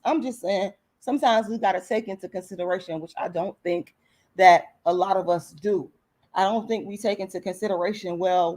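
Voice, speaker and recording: A commentary vlogger with a mid-range, slightly mellow voice, a slight lisp, and a strained throat talks earnestly and casually to her livestream viewers. She repeats herself and calls them "y'all."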